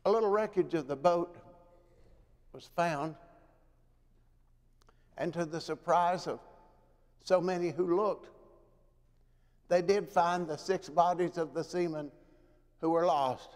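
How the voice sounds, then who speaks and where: A man preaching a sermon in a church, dramatic, moving from loud pleading to hushed, quiet lows. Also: slow, pauses often. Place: church sanctuary. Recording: long reverb of a church hall.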